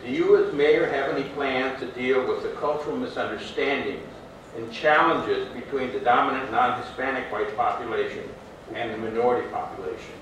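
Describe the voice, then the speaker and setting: A man's voice: mid-range voice, moderate pace, a bit bright. A man who is a professor on a panel, reading a debate question plainly and carefully. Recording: echoey hall, distant mic, faint hiss.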